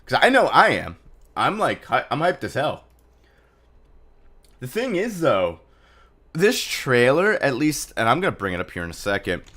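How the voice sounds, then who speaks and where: Casual male streamer, rambling and animated. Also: medium pitch, moderate pace, pauses often. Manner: loose and chatty, many fillers. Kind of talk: casual live stream chat.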